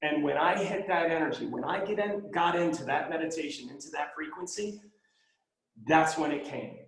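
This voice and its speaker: Earnest man with gravelly, echoey voice. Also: a little high, normal speed, a bit bright. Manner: earnest, emphatic, repeats phrases for stress. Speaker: guest speaker. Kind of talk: conversational storytelling. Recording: roomy echo.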